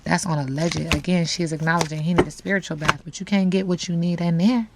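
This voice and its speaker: A woman's voice: on the low side, fairly even intonation, fast, heavy background noise. A woman giving a casual, slangy tarot reading straight to her viewers, full of asides and catchphrases. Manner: chatty, slangy, frequent asides. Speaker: tarot reader.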